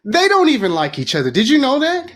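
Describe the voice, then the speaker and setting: A man with an animated, heated way of talking, ranting and swearing as he argues politics in a debate. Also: very high-pitched, quick pace. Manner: animated, ranting, swears freely, acts out quoted voices.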